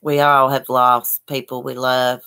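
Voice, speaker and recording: A woman's voice: extremely low pitch, level tone, measured pace, fairly bright tone, clean tone. A woman hosting a casual livestream, reading viewer comments aloud and answering with sympathy in a chatty, folksy way. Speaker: livestream host.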